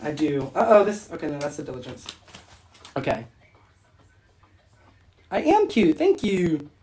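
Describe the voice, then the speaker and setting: A woman's voice: sits low, lively intonation, normal speed, dark tone. A woman hosting a casual phone livestream, bubbly and laughing often as she reacts to viewer comments. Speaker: livestream host and spiritual shop owner.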